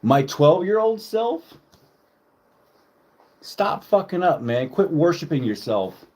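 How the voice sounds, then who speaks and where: A man's voice: on the high side, sing-song, takes it slowly, a little mellow. A man hosting a casual livestream, rambling loosely with lots of fillers and swearing. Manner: loose, profane, filler-heavy. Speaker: livestream host.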